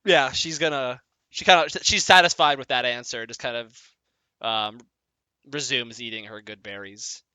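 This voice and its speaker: A man's voice: medium pitch, normal speed, pushed and bright, smooth, no room sound. A young man narrating casually as dungeon master, who laughs often and trails off and restarts his sentences. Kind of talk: casual tabletop game narration.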